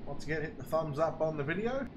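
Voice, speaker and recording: Male race caller, high-pitched, excitable, live commentary over loud engine and crowd noise. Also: fast, dull audio. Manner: excitable play-by-play, voice rising with the action. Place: speedway commentary position.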